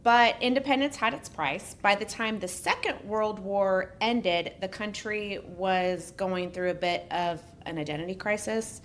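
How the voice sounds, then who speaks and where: A woman's voice: medium pitch, measured pace, hardly any pauses, slight background noise. A woman co-hosting a casual podcast, reading a prepared story with joking asides. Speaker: podcast co-host.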